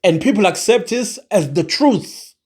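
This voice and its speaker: Slow, animated South African vlogger. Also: medium pitch, slightly rough. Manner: exasperated, switches into Zulu mid-sentence. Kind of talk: opinion commentary to camera.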